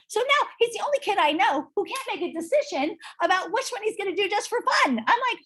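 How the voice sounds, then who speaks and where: A middle-aged woman teaching a live real estate sales class, animated and often checking in with her listeners. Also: extremely high pitch, fairly quick, few pauses. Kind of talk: live training talk to a class.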